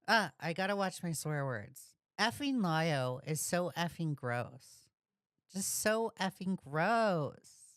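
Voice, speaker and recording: Slow, smooth-voiced woman ranting. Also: fairly low pitch, lively intonation, a bit bright, dry recording, clean studio sound. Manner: blunt, profane, heated. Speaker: reaction streamer. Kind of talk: reaction commentary.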